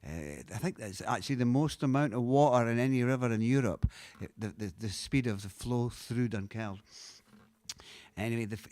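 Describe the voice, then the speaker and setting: This is casual between-song banter from a Scottish singer-songwriter hosting his own live show, guitar audible underneath. He talks at a normal speed in a mid-range, slightly mellow voice. Full of fillers and hesitant digressions, he takes his time explaining things to the crowd.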